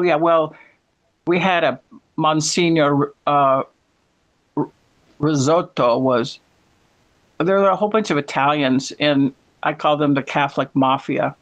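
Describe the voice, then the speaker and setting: An American man chats casually, his voice fairly high and bright in tone. He rambles through stories and corrects himself as he goes.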